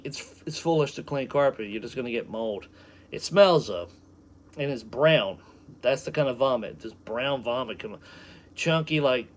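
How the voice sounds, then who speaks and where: A man recording a rambling personal video diary at home, unwell and dizzy, full of restarts and tangents. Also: mid-range voice. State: unwell and dizzy after vertigo. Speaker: vlogger recording a personal note. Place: at home, indoors.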